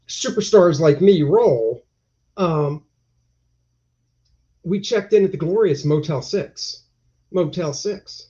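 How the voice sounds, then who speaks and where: A man chats casually on a livestream. His voice sits a little high and mellow, and he rambles from joke to joke with wisecracking asides. The sound is dull and lo-fi. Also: takes it slowly. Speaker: comic artist reviewing a convention. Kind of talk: casual livestream chat reading viewer comments.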